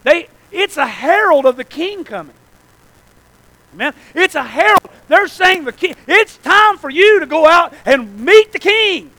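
A man preaching a fervent revival sermon, often calling out "amen?" to the congregation and at times breaking into shouts. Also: big pitch swings, a little slow, low-quality recording. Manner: breaks into shouts at high points.

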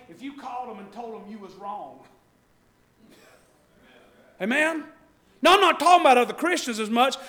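High, fervent preacher man. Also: pushed and bright. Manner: fervent, conversational, bursts into exclamations; asks the crowd for responses often. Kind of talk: sermon.

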